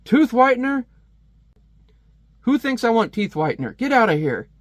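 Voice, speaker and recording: A man doing a shrill, irate stepfather. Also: normal speed, dry recording, clean studio sound, close to an everyday voice. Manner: shouting, indignant. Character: irate mustached stepfather yelling at TV ads.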